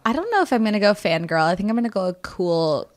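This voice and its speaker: A woman's voice: mid-range voice, big pitch swings, fast. A young woman co-hosts a casual podcast chat. She talks animatedly, swears freely and slips into acted-out quotes of what other people might say. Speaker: podcast co-host.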